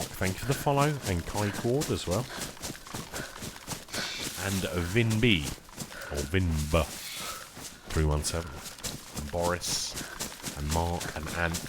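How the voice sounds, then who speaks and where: A man chatting casually while streaming a survival game, tired and rambling, easily excited by small finds. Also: low-pitched, a little slow, pauses often, heavy background noise. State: tired, yawning. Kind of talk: casual live-stream commentary.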